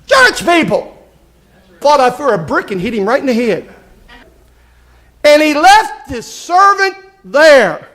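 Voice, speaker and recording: A man preaching a live church sermon, impassioned and folksy, with bursts of shouting. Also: extremely high pitch, big pitch swings, measured pace. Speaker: pastor. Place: church sanctuary.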